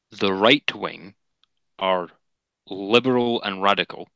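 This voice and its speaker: A man's voice: low-pitched, sharp tone, no echo, low-quality recording. A man co-hosting a casual political podcast, speaking in a wry, dismissive way. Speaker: podcast co-host.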